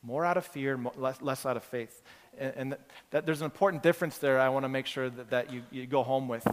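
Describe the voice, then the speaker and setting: Here a pastor preaches a conversational, earnest sermon built on everyday examples, captured with long hall reverb. His mid-range voice is fairly even in intonation and a little fast.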